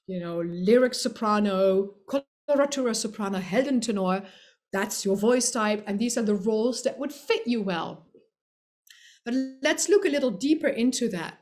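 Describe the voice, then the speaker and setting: Woman, singing teacher, fairly high voice, friendly explanatory lesson, playful touch. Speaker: singer and voice teacher. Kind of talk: recorded presentation lesson.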